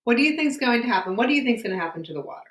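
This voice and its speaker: A woman teacher with a bright voice, leading a science lesson from home. She asks patient, encouraging questions, and her voice rings in an echoey room. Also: fairly high pitch, lively intonation, rapid-fire.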